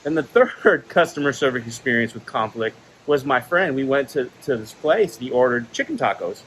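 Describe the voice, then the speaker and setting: A man's voice: mid-range voice, expressive, moderate pace, a bit bright, a little hiss or hum, rough recording. A man casually telling personal stories in a monologue, laughing often and acting out the quoted exchanges. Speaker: vlogger sharing stories.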